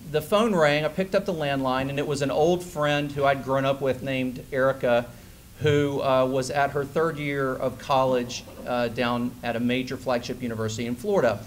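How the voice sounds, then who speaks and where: A man in his forties giving a conference keynote, telling a personal story with lively, acted-out dialogue. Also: mid-range voice, moderate pace, a little hiss or hum. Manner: animated storyteller who acts out quoted dialogue. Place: conference hall stage.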